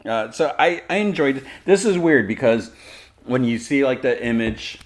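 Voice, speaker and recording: A man's voice: medium pitch, normal speed. A man hosting a podcast, recapping a TV episode in a rambling, casual way full of fillers. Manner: rambling, filler-heavy retelling with quoted lines. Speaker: podcast host.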